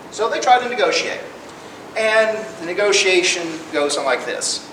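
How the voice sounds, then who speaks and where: A man's voice: lively intonation, normal speed, a bit bright. A man giving a casual public lecture in a library room, retelling history in everyday conversational talk. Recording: echoey room, distant mic, rumbling noise.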